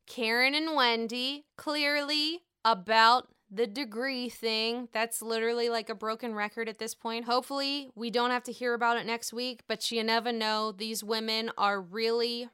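A woman's voice: on the high side, bright, forceful tone, clear, resonant tone, no room sound, studio quality. A woman hosting a casual reality TV recap, chatty and profane with sassy asides.

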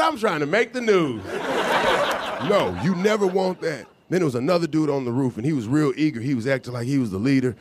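A man casually telling a profane, animated story and acting out the voices of others. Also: mid-range voice, background noise. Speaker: guest storyteller.

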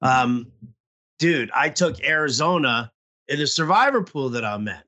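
A man's voice: mid-range voice, expressive, a little slow, pushed and bright. A man in casual podcast chat, telling a rambling, profane story about his bad fantasy football week while nursing a toothache. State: toothache pain. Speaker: podcast co-host.

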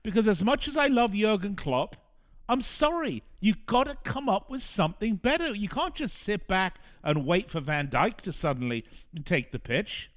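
A man's voice: high voice, big pitch swings, normal speed, a bit bright. A male soccer radio host giving a frustrated, emphatic talk monologue, repeating phrases for punch. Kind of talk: opinionated sports talk monologue.

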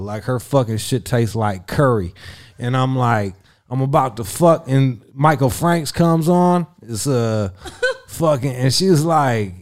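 A young man in casual chat, telling crude, boastful stories with loud bursts. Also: mid-range voice, unhurried. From Italian heritage.

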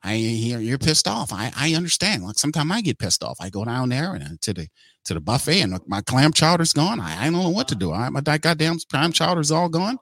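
A man's voice: fairly high pitch, sing-song, brisk, fairly bright tone, no room sound, clean studio sound, exaggerated voice. A man putting on a flustered, stammering older team executive who rambles and whines.

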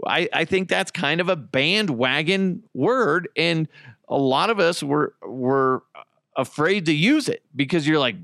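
A man hosting a solo podcast while high, rambling, swearing heavily and laughing often. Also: animated, takes it slowly, vocal fry, fairly bright tone, no room sound, studio quality. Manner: profane, rambling, frequent laughter. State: high on cannabis. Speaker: podcast host.

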